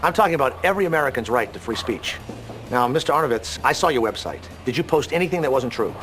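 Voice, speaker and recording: An actor playing a confident, persuasive celebrity lawyer with a crisp delivery. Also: male voice, medium pitch, lively intonation, quick pace, a bit bright, faint music behind, lightly acted. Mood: assured. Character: slick, self-assured male celebrity lawyer. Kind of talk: sitcom acting.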